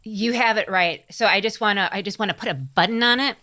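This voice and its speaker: A woman co-hosts a casual history podcast and reacts bluntly and outspokenly to the story, swearing freely. Her voice sits at a middling pitch. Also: brisk, sharp tone. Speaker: podcast co-host.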